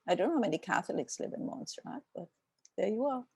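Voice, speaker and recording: Older Trinidadian woman with a gravelly voice. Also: mid-range voice, lively intonation, a little mellow, no echo. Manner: reflective, unhurried storytelling. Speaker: author guest. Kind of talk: conversational interview.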